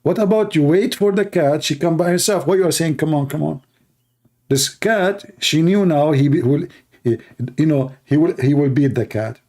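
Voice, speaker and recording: A man's voice: fairly high pitch, moderate pace, darkish tone. A man hosting a show, giving mocking commentary on a video in sarcastic, broken English. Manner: sarcastic, repeats himself, broken English grammar. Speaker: host.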